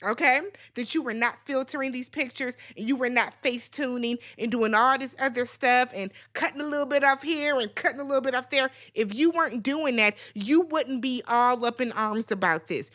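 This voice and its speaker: Sassy, bright-voiced woman ranting. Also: high voice, moderate pace, hardly any pauses. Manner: sassy, blunt and profane, swinging into loud squeals. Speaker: recap channel host. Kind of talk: casual reality TV recap rant.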